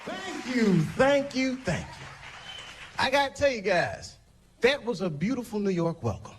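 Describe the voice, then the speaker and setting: This American comedian's voice is very high and very animated, yet he takes his time, rambling through stories with sharp, foul-mouthed quips. The noisy recording captures him performing on stage as the crowd laughs.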